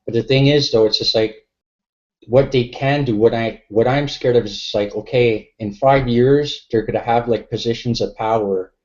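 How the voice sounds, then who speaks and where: A man's voice: mid-range voice, steady tone, normal speed, darkish tone. Rambling man on a lo-fi call. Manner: rambling, filler-heavy, sweary. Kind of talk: casual online discussion.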